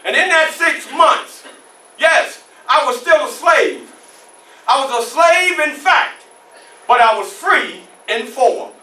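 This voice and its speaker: A male reenactor playing a formerly enslaved man who recounts his youth in an animated one-man stage show, shouting at tense moments, in a library room. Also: extremely high pitch, takes it slowly, heavily acted. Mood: reflective. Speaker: historical reenactor. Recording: roomy library room, mic far off.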